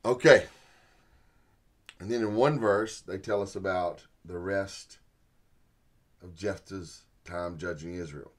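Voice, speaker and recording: A man teaching through a Bible passage in a folksy, animated storytelling way, chuckling as he goes. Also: low-pitched, takes it slowly, long pauses. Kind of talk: sermon-style Bible teaching.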